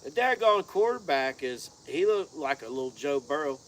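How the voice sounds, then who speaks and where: Man, folksy drawl, rambling casual chat, slightly high voice, faint crickets behind. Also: very animated, normal speed. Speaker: co-host of a car-build channel. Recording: faint outdoor insect noise.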